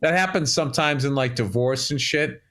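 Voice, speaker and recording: A middle-aged man from Massachusetts, co-hosting a podcast and telling sports stories in a loose, profane, animated way. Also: mid-range voice, moderate pace. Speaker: podcast co-host. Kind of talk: casual chat.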